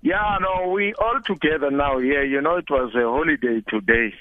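An older man with a South African accent, a former football coach speaking as a guest over the phone in a relaxed, chatty way. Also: fairly high pitch, normal speed, no echo. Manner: relaxed, chatty, repeats words when starting. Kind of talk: phone interview. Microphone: telephone. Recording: tinny phone line.

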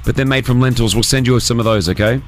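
A man's voice: mid-range voice, fast talker, slight background noise. A man hosting a live radio show from a studio, chatty and upbeat as he hands out prizes. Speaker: radio host. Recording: radio broadcast with clear music behind. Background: music.

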